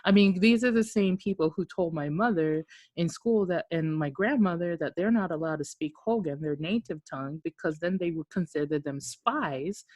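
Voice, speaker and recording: A man's voice: on the high side, normal speed, few pauses, no room sound. Storytelling man from Okinawa, dry close sound. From Okinawa, Japan. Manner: animated, swears casually, tells stories. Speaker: podcast co-host. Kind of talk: casual chat.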